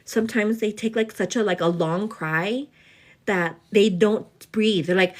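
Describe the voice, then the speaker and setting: A woman's voice: mid-range voice, slow pace. A young woman vlogger telling a story casually, acting it out with gasps and cries. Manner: animated, acts out the scene with cries and gasps.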